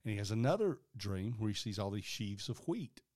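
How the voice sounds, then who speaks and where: Male co-host, relaxed and jokey, walks through a Bible story in plain talk. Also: lowish voice, moderate pace. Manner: easygoing, jokey, explains scripture. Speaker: podcast co-host. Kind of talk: casual faith chat.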